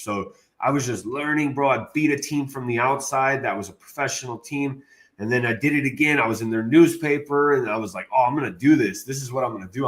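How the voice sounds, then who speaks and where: A man, an interview guest, telling a long story in a casual, animated way and saying "bro" a lot. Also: on the low side. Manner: animated, slangy, says "bro" often.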